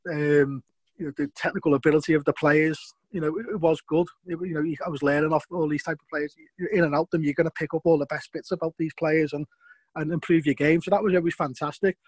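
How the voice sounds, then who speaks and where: A man's voice: fairly high pitch, steady tone, fast, husky, no echo, poor audio. A man recalling his football career in an interview, talking hesitantly with many fillers and restarts. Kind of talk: interview answer, casual recollection.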